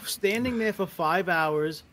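A man co-hosting a podcast, telling animated, profane stories in casual chat. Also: sits high, slow, background noise. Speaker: podcast co-host.

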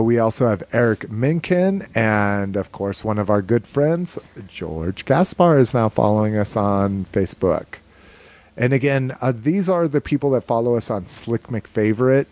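A man co-hosting a casual podcast, talking in a relaxed, rambling way with lots of fillers and some swearing. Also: lowish voice. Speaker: podcast co-host.

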